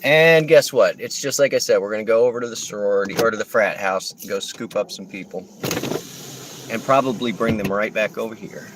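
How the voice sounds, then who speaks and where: A man's voice: lowish voice, fairly quick. A man, chatting casually to viewers while he drives for a rideshare app. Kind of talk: casual live-stream chat. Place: in a car. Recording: noisy car interior.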